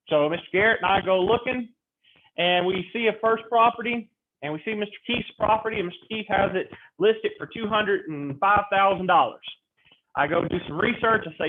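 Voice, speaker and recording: High-voiced man teaching over a tinny line. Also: normal speed. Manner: animated storytelling, role-playing clients in quotes. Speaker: real estate instructor. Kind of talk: classroom lecture with acted-out examples. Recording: tinny phone-like audio with faint noise.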